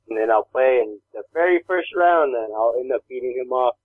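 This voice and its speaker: Male co-host, rambling storyteller, mid pitch, dry narrow phone-quality audio. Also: expressive, brisk, no echo. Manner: rambling storyteller, acts out voices. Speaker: podcast co-host. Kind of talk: casual chat.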